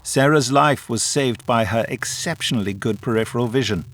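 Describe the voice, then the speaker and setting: A man reading a science fiction audiobook in a measured, even storytelling voice. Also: medium pitch. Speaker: audiobook narrator. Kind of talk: scripted audiobook narration.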